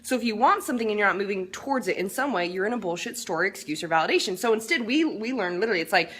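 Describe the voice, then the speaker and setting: A woman's voice: mid-range voice, lively intonation, rapid-fire, fairly bright tone. A middle-aged woman hosting a casual coaching chat, bubbly and upbeat, laughing often. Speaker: life coach and show host.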